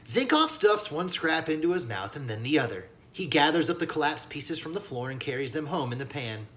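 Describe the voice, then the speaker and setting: Man, teacher reading aloud, lively, bright, slightly high. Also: a little fast. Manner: animated, addresses listeners as kiddos. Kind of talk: read-aloud storybook narration with lesson asides.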